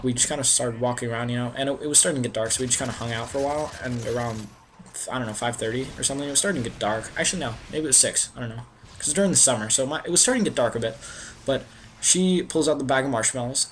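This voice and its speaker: A man's voice: medium pitch, quick pace, a little hiss or hum. A man casually telling a personal story on a video, rambling and peppered with "like" and "you know". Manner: animated and swearing in retold bits. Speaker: vlogger.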